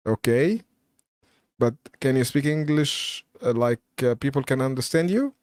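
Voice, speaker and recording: A man's voice: medium pitch, expressive, measured pace, a little mellow, dry recording, clean studio sound. A man hosting a live Q&A stream, chatting casually, laughing often and reading viewer comments aloud.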